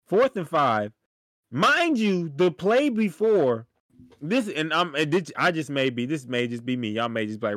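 This is a man in a heated sports talk session, his voice sitting a little high and close to the mic with no room around it. He rants with animated outrage and swears freely. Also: measured pace, no room sound. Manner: animated, profane, ranting. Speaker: podcast co-host.

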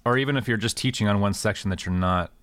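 Low-voiced man musing, searching for words. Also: fast, a bit bright. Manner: thoughtful, searching, many fillers like "like". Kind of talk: conversational Bible discussion.

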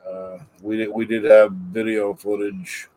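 A man's voice: lowish voice, level tone, measured pace, dark tone, low-quality recording. A man who is a co-founder and guest, chatting casually with short, dry replies. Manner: dry, curt. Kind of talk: casual chat.

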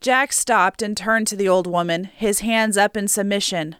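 A woman reading a story aloud as an audiobook narrator, steady and measured, on a close mic. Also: mid-range voice, clear, resonant tone, dry recording.

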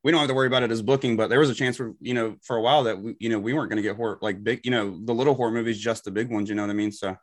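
A man's voice: on the low side, fairly even intonation, racing, hardly any pauses. A young man hosting a podcast, laid-back and full of fillers, swearing freely in casual chat. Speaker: podcast host.

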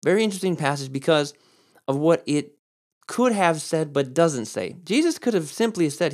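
A man preaching a sermon and explaining Greek words, who repeats key words for stress and switches between slow, drawn-out emphasis and quick asides. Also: a little high, lively intonation. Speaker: pastor. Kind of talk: sermon with Greek word study.

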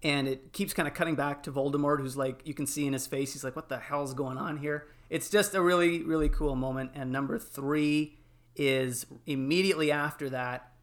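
A man in casual podcast chat, telling film moments with lots of fillers and animated retellings. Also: fairly high pitch, fairly quick. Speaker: podcast panelist.

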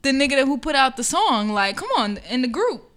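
A woman chatting casually as a podcast co-host, animated, slangy and profane. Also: high-pitched, brisk. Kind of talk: casual chat.

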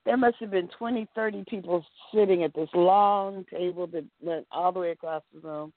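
A woman, an actress guest in an interview, telling animated stories and acting out what people said. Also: fairly low pitch, moderate pace, dry recording. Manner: animated storyteller acting out quotes. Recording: dry, tinny phone-like line.

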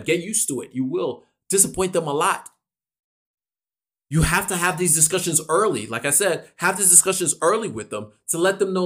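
A man's voice: on the high side, fairly bright tone. Emphatic man giving a motivational money talk. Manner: emphatic, repeats key lines for stress; acts out little imagined conversations. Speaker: personal finance talker.

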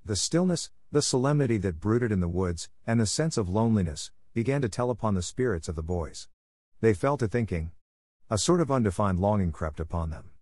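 A man narrating a classic novel in a measured, expressive storybook reading. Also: on the low side, dry recording, clean studio sound. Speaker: audiobook narrator.

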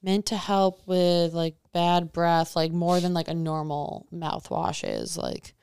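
A woman's voice: fairly low pitch, flat delivery, takes it slowly, darkish tone, smooth, no echo, clean studio sound. A young woman co-hosting a podcast, chatting casually and rambling with lots of "like" and restarts. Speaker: podcast co-host. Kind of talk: casual chat. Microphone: podcast mic.

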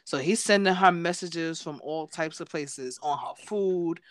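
A young woman co-hosting a podcast, recapping chapters in casual chat with animated retellings. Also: on the low side, unhurried, no echo. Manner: animated retelling with playful quoted voices. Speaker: podcast co-host.

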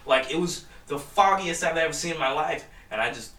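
Young man, casual storyteller, heavy swearing, bright voice, echoey room, distant mic. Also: on the high side, a little fast. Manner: profane, rambling storytelling. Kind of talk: casual chat.

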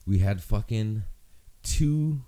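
A man's voice: lowish voice, animated, takes it slowly, dark tone. A man hosting a casual podcast, joking and swearing freely. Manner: joking, crude, swears a lot. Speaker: podcast host.

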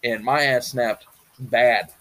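A man's voice: mid-range voice, fairly even intonation, slow, fairly bright tone. A man co-hosting a casual talk show, rambling and swearing bluntly. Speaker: podcast co-host. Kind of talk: casual chat.

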